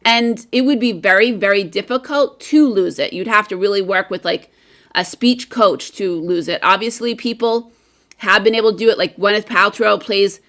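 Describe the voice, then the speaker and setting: A woman's voice: mid-range voice, moderate pace, fairly bright tone. An American woman, a guest English teacher, chatting enthusiastically and repeating herself a little on a video call. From United States. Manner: enthusiastic, chatty, repeats words as she talks. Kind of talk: casual live-stream discussion.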